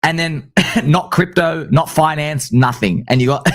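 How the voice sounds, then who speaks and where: A man hosting a crypto livestream, giving an animated conference presentation with quick asides. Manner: animated and excitable, with rapid asides and sudden jumps in pitch.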